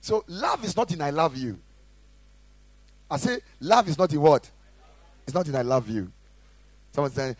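A man preaching a sermon as a pastor, asking the congregation questions and swinging between shouted lines and quiet asides. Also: on the high side, animated, moderate pace, long pauses, slightly rough, dry recording, low-quality recording. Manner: preaching with call-and-response questions.

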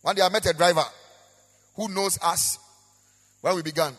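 A man's voice: sits high, fairly even intonation, normal speed, a bit bright. A man with a Ghanaian accent preaching a sermon as pastor, with a sing-song, repetitive delivery. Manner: preaching with sung, rising and falling emphasis and repetition. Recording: echoey hall with long reverb.

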